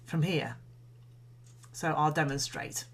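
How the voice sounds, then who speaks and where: A woman singing coach giving a calm, measured voice lesson, explaining and demonstrating breathing exercises. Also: deep voice. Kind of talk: instructional voice lesson.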